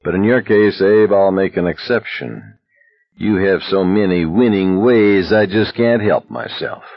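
A man's voice: deep voice, measured pace, no room sound. Man doing a cool, sardonic young hustler. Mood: teasing. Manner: calm, drawling, sardonic. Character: cool, sly young man, dry wit. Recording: slightly muffled audiobook recording.

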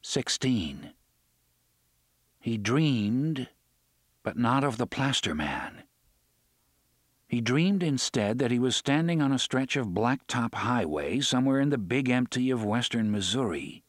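A man narrating an audiobook in a steady, measured storytelling voice, close to the mic. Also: mid-range voice, dry recording. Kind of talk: scripted narration.

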